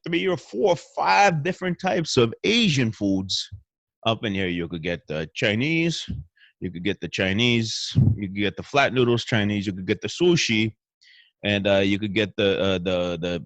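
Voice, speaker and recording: A man's voice: on the low side, a bit bright, no room sound. A man with a Northeastern Pennsylvania accent, rambling through a profane comedic monologue in a hotel room. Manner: profane, meandering, restarts. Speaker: show host.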